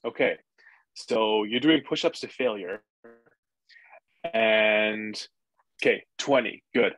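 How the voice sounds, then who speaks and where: A man's voice: fairly low pitch, slow pace, no echo, rough recording. Fired up cursing guy on a podcast, dry close sound, acts out voices. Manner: energetic and profane, acts out inner voices. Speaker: podcast guest. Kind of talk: casual interview chat.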